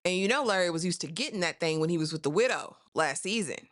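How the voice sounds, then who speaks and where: A woman talks through a TV episode recap in a casual, chatty way. She is sassy and often tosses in "honey" or "girl". Her voice sits a little low for a woman. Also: lively intonation, quick pace, a bit bright, no echo, clean studio sound. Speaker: TV recap host.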